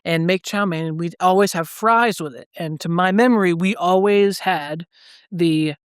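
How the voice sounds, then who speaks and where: A man co-hosts a podcast, chatting casually and rambling loosely through his stories, packed with "like" fillers. His high voice moves at a moderate pace with a clear, resonant tone, recorded in a clean studio with no echo.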